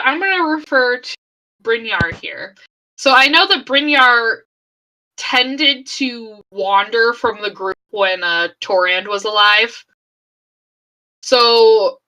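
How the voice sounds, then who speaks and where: A woman running a tabletop one-shot as game master over an online voice call, unhurried and thinking aloud with small laughs. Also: on the high side, animated, sharp tone, rough recording. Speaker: dungeon master.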